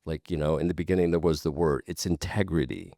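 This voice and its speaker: A man's voice: rumbling low, steady tone, fast talker, warm tone, no room sound, clean studio sound. A man speaking as a guest in a candid conversation, earnest and repeating points for emphasis, with casual swearing.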